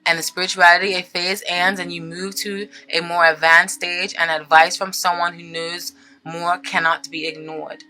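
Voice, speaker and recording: A woman's voice: lowish voice, little pitch movement, normal speed, sharp tone, low-quality recording. A woman giving a casual tarot reading to her viewers, chatty and earnest, often checking in with "okay?" as she reads card meanings aloud and comments on them. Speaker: tarot reader.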